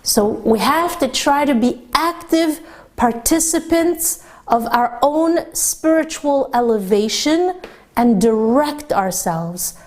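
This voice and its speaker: A woman religious teacher delivers a Torah lesson to women. Her voice sits high and she speaks slowly, stressing each point with deliberate repetition. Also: expressive.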